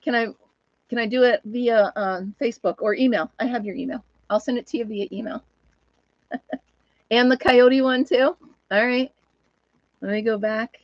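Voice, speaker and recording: A woman's voice: fairly high pitch, fairly even intonation, normal speed, long pauses, no echo, dull audio. A woman hosting a casual live chat from home, laughing often and talking to viewers and her dog. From United States. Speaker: host of a live chat stream.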